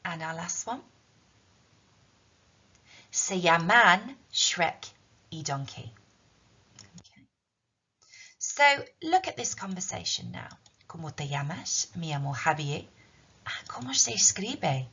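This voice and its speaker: A woman's voice: low-pitched, very animated, slow pace, long pauses, bright, forceful tone, slightly rough. A woman teaching a recorded language lesson, explaining patiently with frequent ums. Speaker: Spanish teacher. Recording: dull lo-fi recording.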